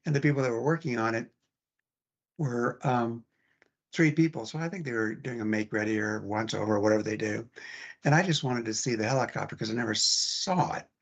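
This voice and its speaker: A man who survived an aortic dissection tells his story in a casual, halting way, pausing often to search for words. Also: medium pitch.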